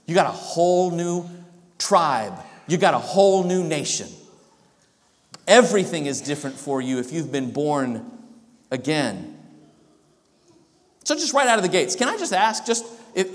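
Guy pastor preaching a sermon, kinda high voice, keeps restarting, echoey church. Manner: emphatic preaching with frequent restarts.

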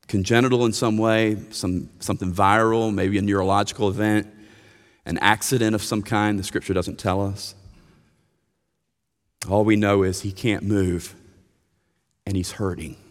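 A man preaching a sermon as a pastor, earnest, rising for emphasis and dropping soft. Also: on the low side, level tone, moderate pace, pauses often, big-room sound.

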